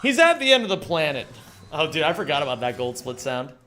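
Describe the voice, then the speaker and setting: A man streaming a game speedrun, chatting casually with his chat, swearing and bursting into excited shouts. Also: a little high, brisk. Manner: reads chat aloud, swears, excitable outbursts.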